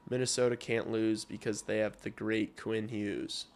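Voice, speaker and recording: Flat in delivery and fairly low in pitch, a man streams himself watching hockey at a moderate pace. He talks to viewers bluntly and with plenty of profanity, occasionally working up to loud rants.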